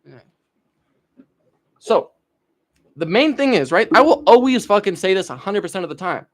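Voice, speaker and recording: A man's voice: high voice, very animated, normal speed. A young man on a casual livestream, telling stories and answering chat in a profane, rambling way that often trails off into mumbles. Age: young adult.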